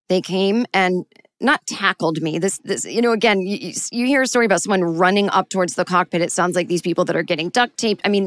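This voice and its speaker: A middle-aged woman telling a personal story in a lively way, acting out her own frantic voice in sudden high bursts. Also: dry recording, studio quality.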